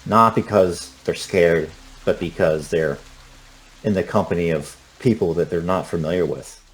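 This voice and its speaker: Deep-voiced, hushed game master. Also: male voice. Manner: hushed, unhurried narration with frequent restarts. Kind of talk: narrating a tabletop horror game.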